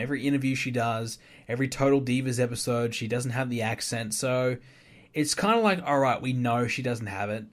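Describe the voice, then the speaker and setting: Opinionated man hosting a rambling podcast. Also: medium pitch. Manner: rambling and opinionated, many fillers and restarts. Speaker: podcast host. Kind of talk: casual solo podcast commentary.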